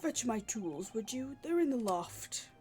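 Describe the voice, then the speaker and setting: A frail, kindly old father speaks gently to his grown son, as a woman reads him. The voice is a touch high, with soft music in the background. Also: very animated, measured pace. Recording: faint music behind.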